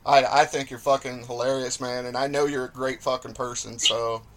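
Laid-back American podcast host. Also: male voice, medium pitch, moderate pace. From Southern US. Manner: relaxed, laughing, rambling. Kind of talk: casual podcast chat.

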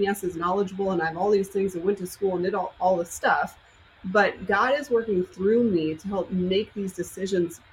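A woman's voice: medium pitch, slight background noise, poor audio. A woman doctor speaking emphatically in a podcast conversation, stacking up her points with repeats. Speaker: doctor, co-host.

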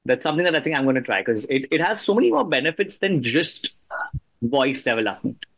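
A man's voice: mid-range voice, very animated, fairly bright tone. Earnest man hosting an interview. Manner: earnest, a bit halting with restarts. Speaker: host. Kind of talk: interview host, conversational.

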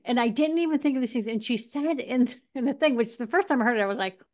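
Woman co-host, lively anecdotal talker who voices her own quotes; a touch high-pitched. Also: fast, few pauses. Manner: animated, laughing storyteller acting out quotes. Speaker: podcast co-host. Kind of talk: casual conversational storytelling.

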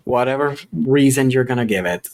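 Man podcast co-host, mid-pitched, relaxed, chimes in, halting phrasing. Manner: laid-back, chimes in with short remarks, halting restarts. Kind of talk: casual chat.

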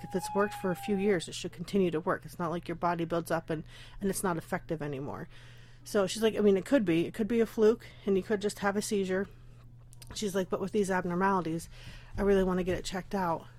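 A young woman who is pregnant and emotional runs her own laid-back podcast, talking openly and rambling, often on the verge of tears with bursts of nervous laughter. Her pitch is fairly low and her tone a little mellow.

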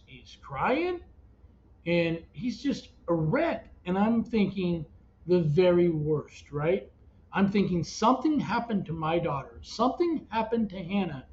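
A man with a somewhat high voice tells a painful family story in an earnest, emotional way, often stopping and restarting. The audio is dull and lo-fi, with a faint hiss under it. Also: darkish tone. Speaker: parent of a child with cancer. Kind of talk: personal storytelling podcast.

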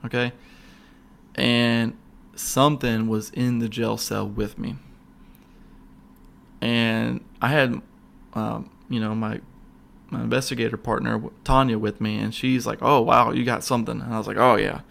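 A Florida man tells a story about a paranormal investigation in an excitable, loose ramble, tripping over restarts and fillers. His gravelly, mid-pitched voice moves a little slowly, with long pauses, as he shares this casual ghost-hunt tale.

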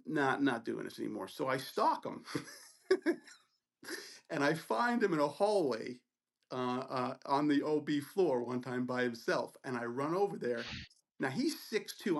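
A middle-aged man telling a story on a podcast in a casual, animated, profane way, acting out the people in it. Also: fairly high pitch. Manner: animated, profane, acts out voices in his story. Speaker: podcast co-host.

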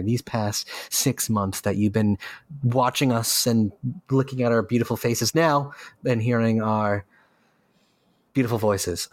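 A man's voice: mid-range voice, no echo, clean studio sound. A man co-hosting a podcast in casual, joking chat, rambling with lots of filler words. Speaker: podcast co-host.

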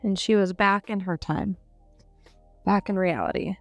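A woman's voice: medium pitch, measured pace, dry recording, soft background music. A young woman co-hosting a podcast, chatting casually and retelling a story with fillers and small laughs. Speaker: podcast co-host. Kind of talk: casual book review chat.

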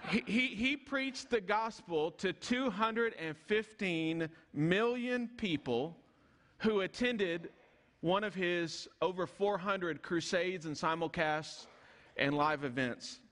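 A man preaching a sermon, reading scripture slowly and dropping low and soft when he prays. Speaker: pastor. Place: church sanctuary. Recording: long church hall reverb.

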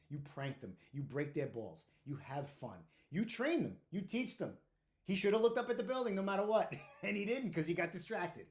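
A middle-aged man, a retired firefighter, telling stories casually, animated, laughing often and swearing freely. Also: fairly high pitch. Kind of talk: casual storytelling to camera.

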